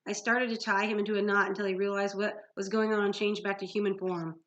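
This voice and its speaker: A woman teacher reading a novel aloud to her class in an expressive storytelling manner, with small slips. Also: medium pitch, quick pace, dull audio.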